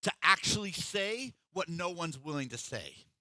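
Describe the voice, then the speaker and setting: A man's voice: on the high side, very animated, moderate pace, pushed and bright, dry recording. A middle-aged man preaching a sermon as pastor, in an emphatic, conversational way.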